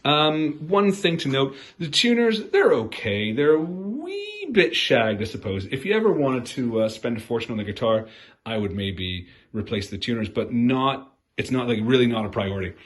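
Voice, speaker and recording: A man's voice: mid-range voice, sing-song, normal speed. A middle-aged man casually walking through a guitar repair he did, rambling and correcting himself with lots of fillers.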